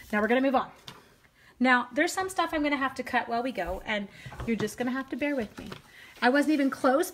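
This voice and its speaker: Canadian woman, middle-aged, chatty live craft demo, slightly high voice. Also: fairly bright tone, a little hiss or hum. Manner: chatty, talks to viewers while crafting. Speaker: stamping demonstrator.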